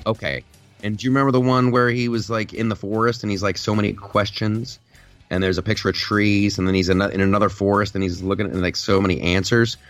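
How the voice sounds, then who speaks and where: A man hosts a casual podcast in a somewhat low voice, rambling animatedly through a story with frequent restarts. Faint music sits quietly underneath him. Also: fairly even intonation, fast talker. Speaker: podcast host.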